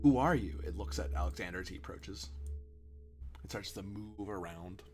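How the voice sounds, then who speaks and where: A man running a tabletop role-playing game as game master, moving between hushed whispers and lively narration. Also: deep voice, normal speed, soft background music.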